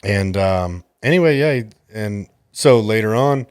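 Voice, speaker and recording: A man's voice: lowish voice, expressive, measured pace, a little mellow, clean tone, dry recording, clean studio sound. A man hosting a podcast, a jiu-jitsu coach telling a story in a casual, exasperated and profane way.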